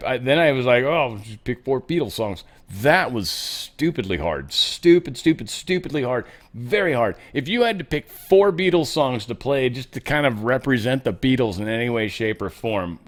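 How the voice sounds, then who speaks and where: A man hosting a solo commentary show, talking casually and sarcastically, swinging between loud outbursts and muttered asides. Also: medium pitch. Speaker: host of a political commentary show.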